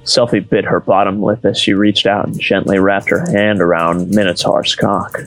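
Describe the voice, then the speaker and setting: A man's voice: low voice, little pitch movement, normal speed, fairly bright tone, faint music behind, poor audio. A man doing a comedic dramatic reading of a story, mock-serious in tone. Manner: mock-dramatic, reads with put-on character voices. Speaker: reader.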